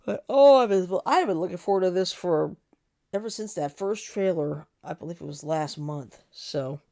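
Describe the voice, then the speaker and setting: A woman co-hosting a casual talk show, chatting with animated delivery and frequent laughter. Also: fairly low pitch, moderate pace. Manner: animated, laughs often, quotes cartoon lines. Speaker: podcast co-host. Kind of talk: casual chat.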